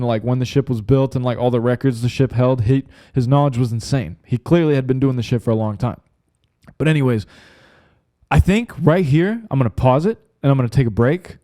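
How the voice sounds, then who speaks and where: A man's voice: medium pitch, warm tone, no echo, studio quality. A man in his twenties hosting a casual solo podcast from a room at home, rambling and swearing, with "like" in nearly every sentence. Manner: rambling and profane, heavy on fillers like "like". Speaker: podcast host.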